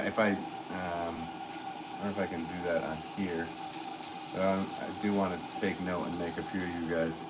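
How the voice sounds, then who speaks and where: A low-voiced, middle-aged American man chats casually on a livestream while he works, reading viewer comments in a relaxed, rambling way. He fills pauses with "um" and soft chuckles. A steady hum of noise sits clearly behind his voice. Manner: relaxed, rambling, chuckles often, many fillers. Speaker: potter hosting a livestream.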